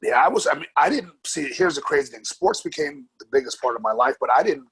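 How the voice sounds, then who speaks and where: A man in his forties from New York, casually telling his life story in an interview, animated and swearing freely. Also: mid-range voice, quick pace, creaky, poor audio. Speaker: podcast guest, grappling coach.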